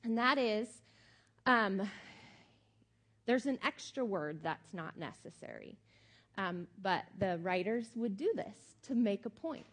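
A woman's voice: medium pitch, animated, slow, pauses often, a bit bright. A middle-aged woman pastor giving a sermon in a conversational, emphatic way with many fillers.

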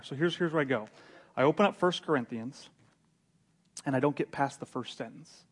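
A male pastor preaching a sermon, telling the story with lively character voices and swings from loud to hushed. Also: mid-range voice, brisk, pauses often, husky.

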